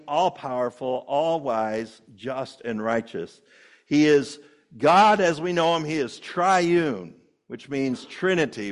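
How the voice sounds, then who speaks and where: A man preaching a sermon as pastor, talking in a conversational way with fillers, repeated phrases and frequent chuckles, in a church sanctuary. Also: medium pitch.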